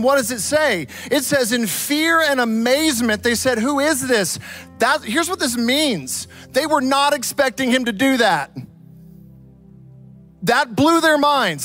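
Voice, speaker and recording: High-voiced preacher, dramatic. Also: male voice. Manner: dramatic storytelling, swings from loud to hushed. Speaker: pastor. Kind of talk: sermon.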